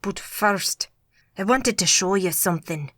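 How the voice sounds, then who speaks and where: A woman's voice: medium pitch, measured pace, a bit bright, no echo, studio quality. A woman doing a polite, deferential dig leader. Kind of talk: audiobook character voice.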